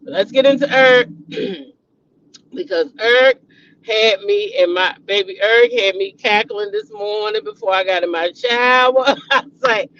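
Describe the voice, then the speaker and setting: A woman's voice: mid-range voice, normal speed, dull audio. A woman hosting a casual gossip vlog, laughing a lot and cursing freely as she talks. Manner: laughing, profane, excitable. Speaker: host.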